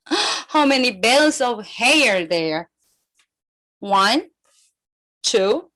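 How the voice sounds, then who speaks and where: A young woman teaching little kids through a story, her voice pitched very high. She swoops all over her range, calling out in sing-song and gasping dramatically for effect. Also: takes it slowly. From South Korea. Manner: animated, exaggerated gasps and sing-song calls. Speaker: kindergarten teacher. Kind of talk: storytelling lesson for young children.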